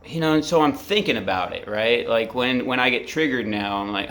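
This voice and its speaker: A man's voice: medium pitch, expressive, a little fast, few pauses, fairly bright tone. A man in his forties rambling candidly about his feelings in a vlog, swearing freely and leaning on lots of fillers, recorded in his apartment. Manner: rambling, profane, heavy with fillers. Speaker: vlogger. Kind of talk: candid personal reflection to camera.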